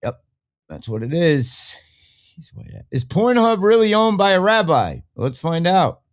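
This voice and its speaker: A man's voice: sits high, very animated, unhurried. A man hosting a podcast, reacting to clips in a blunt, rambling, profane way and laughing at his own jokes. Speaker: podcast host. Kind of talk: casual reaction commentary.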